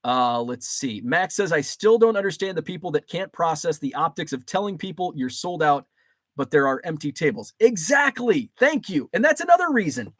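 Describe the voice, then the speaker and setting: A fairly high-voiced man from Illinois hosts a relaxed livestream, reading out viewer comments and riffing on each one. He rambles along with plenty of ums and restarts, and the sound is close and dry with no room echo. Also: moderate pace. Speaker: livestream host.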